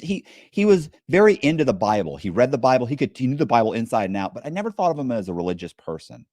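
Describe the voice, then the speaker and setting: A man, a podcast guest, telling stories in a casual, profane and animated way. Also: mid-range voice, quick pace, few pauses, no echo, clean studio sound. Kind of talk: casual storytelling.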